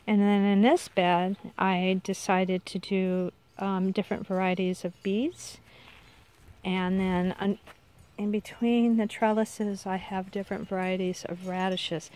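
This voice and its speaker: A woman's voice: medium pitch, flat delivery, measured pace, a little mellow, slight background noise. A middle-aged woman giving a rambling, casual tour of her garden, often correcting herself mid-sentence. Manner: rambling, chatty, self-correcting. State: unwell, with hiccups. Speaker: vlogger showing her garden. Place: outdoor backyard garden.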